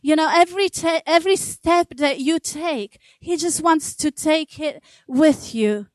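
A woman's voice: high voice, a little slow, dry recording. A woman in her thirties preaching a sermon in a conversational way, with fillers and small laughs.

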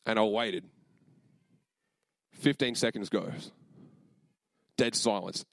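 A man's voice: lowish voice, takes it slowly, gravelly, long pauses, no room sound. A young man preaching a sermon, telling a personal story in a casual, earnest way with many fillers and moments of emotion.

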